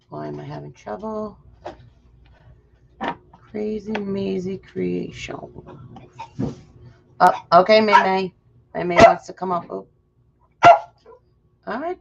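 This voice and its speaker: A woman's voice: medium pitch, expressive, takes it slowly, vocal fry, pauses often, noisy background. A woman hosting a casual live crafting tutorial, chatting and greeting viewers by name. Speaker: craft livestream host. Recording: muffled lo-fi livestream audio.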